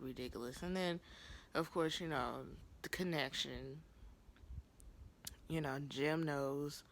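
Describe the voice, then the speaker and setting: A young woman recapping a TV episode in a casual vlog, gossipy and animated, laughing often and acting out quotes in sudden high voices. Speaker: TV episode reviewer.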